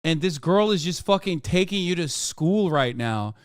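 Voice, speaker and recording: Male streamer from the US, reacting to clips, profane, sarcastic, animated, fairly high voice, smooth and clean, dry close sound. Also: moderate pace, dry recording. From United States. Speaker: streamer and political commentator.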